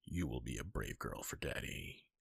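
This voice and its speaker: A man voicing a stern, gruff older warrior god in a fan-fiction reading, with a low, half-whispered delivery. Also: lively intonation, normal speed, a bit bright, dry recording, clean studio sound, exaggerated voice. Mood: commanding.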